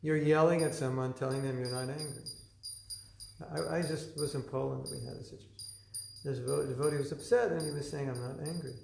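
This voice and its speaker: A man's voice: mid-range voice, steady tone, a little fast, vocal fry, darkish tone, roomy sound, faint music behind, poor audio. A man giving a spiritual class in a conversational style, acting out the voices people use in their heads and often laughing. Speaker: spiritual teacher. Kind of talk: lecture reading from his own book. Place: lecture room.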